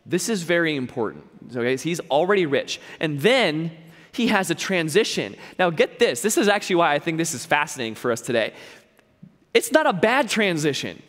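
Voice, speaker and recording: Male pastor, slightly high voice, earnest and emphatic, sermon in a hall with a long echo. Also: big pitch swings, fairly quick, fairly bright tone. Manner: earnest, emphatic, repeats key lines, playful asides.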